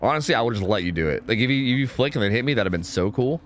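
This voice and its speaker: A man streaming a game, chatting excitedly and swearing as he talks to his teammates and viewers. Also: medium pitch, very fast. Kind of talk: live gameplay commentary.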